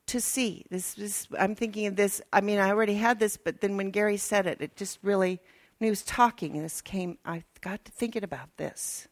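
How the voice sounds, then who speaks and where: A woman's voice: medium pitch, normal speed. An older woman minister, preaching a chatty, folksy sermon with asides to her congregation.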